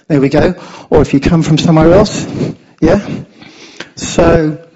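A man's voice: on the high side, darkish tone, breathy edge, dull audio. A man speaking to a church congregation in a chatty, informal, encouraging way, leading prayer and a sermon.

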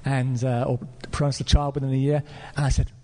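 An Englishman preaching a sermon, telling a story in an earnest, animated way with fillers and restarts. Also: mid-range voice, fairly quick. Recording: long reverb of a church hall.

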